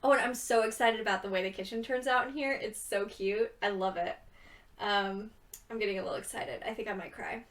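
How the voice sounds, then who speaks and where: A woman's voice: mid-range voice, steady tone, a little fast, distant mic. A young woman chatting casually and rambling with giggles, tired from too little sleep. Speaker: gaming video creator. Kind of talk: casual chat over gameplay.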